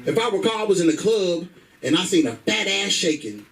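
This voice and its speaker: A man's voice: high voice, big pitch swings, a little fast, fairly bright tone, far from the mic, poor audio. Brash, profane male stand-up comic. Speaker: stand-up comedian. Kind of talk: stand-up comedy set. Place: comedy club stage.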